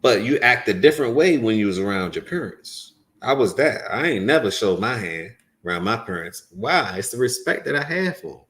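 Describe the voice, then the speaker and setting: A man hosting a commentary show, reacting to a clip and lecturing viewers in an animated, preachy way; English is his second language. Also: fairly low pitch, normal speed, hardly any pauses. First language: not English.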